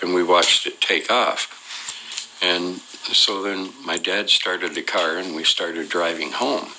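A man's voice: deep voice, bright, forceful tone, a little hiss or hum, rough recording. A man telling his own experience in an unscripted, rambling way, hesitating often with "uh" and restarting his sentences. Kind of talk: unscripted personal storytelling.

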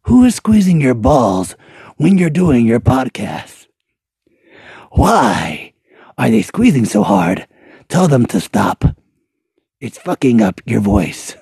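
A man's voice: mid-range voice, sing-song, takes it slowly, vocal fry, long pauses, darkish tone, slightly rough, dry recording. A man delivering a comedic, profane roast rant full of mock-angry insults. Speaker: voiceover ranter.

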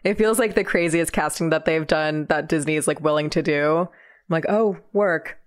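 A woman's voice: deep voice, fairly even intonation, a little fast, clear, resonant tone. A young woman co-hosting a podcast in casual chat, enthusiastic and gushing. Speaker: podcast co-host.

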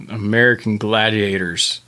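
A fairly low-pitched man on a casual podcast, trading dry, wry quips with his co-hosts. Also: steady tone, unhurried, sharp tone. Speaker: podcast co-host. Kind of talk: casual chat.

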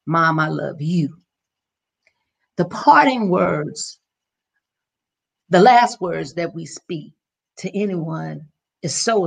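Gravelly-voiced middle-aged woman telling a story. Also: lowish voice. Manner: earnest, emotional, with many restarts. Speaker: interview guest. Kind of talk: personal storytelling.

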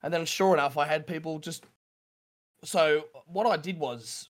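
A middle-aged Australian man telling his story in an interview, halting and repeating himself, with nervous laughs. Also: on the high side. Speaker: streamer guest.

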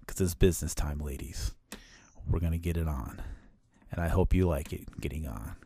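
A man putting on a low, gravelly, mock-seductive voice, talking slowly. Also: mellow, full character voice.

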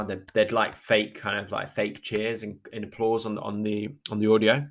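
Emotional man, halting and low-pitched. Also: completely flat delivery. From England. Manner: halting, with many restarts and trailing pauses. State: emotional, close to tears. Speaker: podcast host. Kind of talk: reflective personal monologue.

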